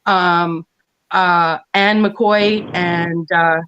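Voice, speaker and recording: A woman's voice: fairly low pitch, steady tone, extremely slow, fairly bright tone, clear, resonant tone, dull audio. A woman talking casually on an online panel, rambling with many restarts and frequent laughs. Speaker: panel guest.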